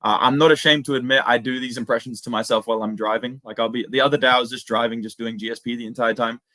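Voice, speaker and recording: A young Australian man chatting casually as an interview guest, slangy and relaxed, full of "dude" and "man". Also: medium pitch, fast, no echo. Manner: laid-back, slangy, lots of "dude" and "man". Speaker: guest, MMA impressionist.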